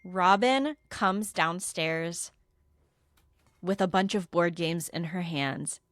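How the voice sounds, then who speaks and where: A woman's voice: fairly low pitch, slow, a bit bright, no room sound. A young adult woman co-hosting a podcast, casually telling a story, acting out quotes and swearing freely. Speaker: podcast co-host.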